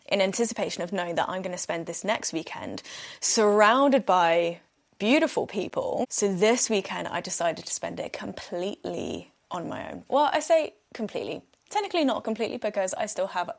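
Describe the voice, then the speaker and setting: A young British woman hosting a casual solo podcast, telling stories in a chatty, self-mocking way and laughing often. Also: fairly low pitch. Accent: British English. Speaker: podcast host.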